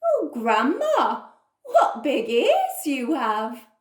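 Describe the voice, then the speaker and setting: A sweet, innocent little girl from a children's puppet tale, played by a woman. She speaks slowly and with wonder, in a high voice that lifts and dips. Her tone is gentle and trusting. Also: huge pitch swings, reverberant, exaggerated voice. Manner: wide-eyed, sweet and wondering.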